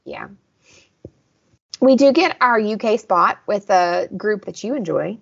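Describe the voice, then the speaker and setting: Her voice mid-range, creaky and husky, a young Southern woman co-hosts a casual podcast about episodes, speaking unhurriedly with lively intonation. She chats through scene recaps with quoted lines and frequent "like," and the lo-fi audio is a little dull.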